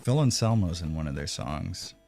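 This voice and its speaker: A man's voice: low voice, animated, moderate pace, creaky, a little mellow, faint music behind. A man streaming a retro video game live, chatting casually with profane, sarcastic banter. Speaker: streamer playing a retro game and reading chat.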